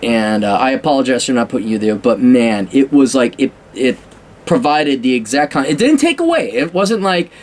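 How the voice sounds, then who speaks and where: A man talks through a film review in an unscripted, wandering way. His voice sits at an ordinary middle pitch. He stumbles over restarts and drops in profanity and self-mocking remarks as he goes. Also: sing-song, normal speed, a little mellow. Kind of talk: casual off-the-cuff film review.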